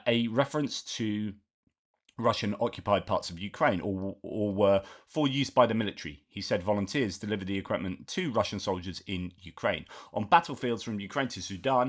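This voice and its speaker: A man hosts a war news commentary, his voice sitting a little low. He reads articles aloud in an unhurried way, pausing for "uh" and breaking off into his own remarks before picking the text back up. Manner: reads articles aloud with frequent asides and filler words.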